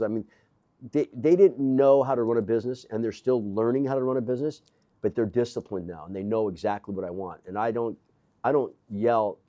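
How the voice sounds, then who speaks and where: An older man, a gym owner, telling animated stories in casual conversation with quoted dialogue and blunt, profane language. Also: lowish voice, lo-fi sound. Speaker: gym owner, interview guest. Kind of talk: casual storytelling. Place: gym office.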